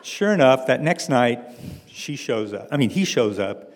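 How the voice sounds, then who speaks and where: A man's voice: medium pitch, very animated, a little slow, big-room sound. A man telling a personal story to an audience with wry, dry humor.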